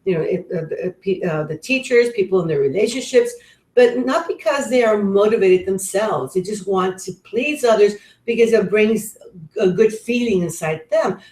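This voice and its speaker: A woman's voice: medium pitch, lively intonation, normal speed, a little mellow. A middle-aged woman giving a parenting webinar, talking earnestly and conversationally with frequent restarts. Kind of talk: webinar talk with personal stories. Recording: roomy echo.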